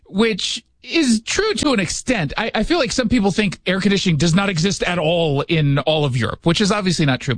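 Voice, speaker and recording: Sarcastic high-voiced male radio host. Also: dry recording. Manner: sarcastic, joking, self-interrupting. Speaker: radio talk show host. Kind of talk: casual political commentary. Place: radio studio.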